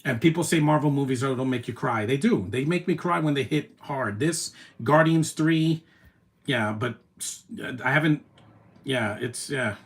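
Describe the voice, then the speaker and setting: A man streaming his reaction to a movie, talking in an emotional, rambling way with many "man" tags and the odd loud taunt. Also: medium pitch, normal speed. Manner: soft-spoken, with sudden loud taunting outbursts. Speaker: live streamer.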